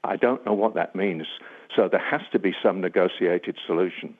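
Older man, deep voice on a tinny phone line. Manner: measured, grave, with frequent um and uh. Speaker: defence analyst guest. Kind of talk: radio interview answers.

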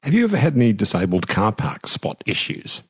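A man hosting an interview, asking questions gently with a laugh now and then. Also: on the low side, very animated, brisk, husky, dry recording. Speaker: host. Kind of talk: conversational interview.

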